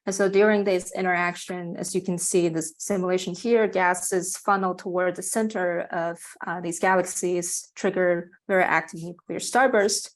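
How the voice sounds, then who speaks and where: A woman's voice: fairly low pitch, fairly even intonation, normal speed, few pauses. A woman giving an academic seminar talk over a video call, speaking with frequent hesitations and restarts. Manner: hesitant, many fillers and restarts. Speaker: guest speaker, astronomer.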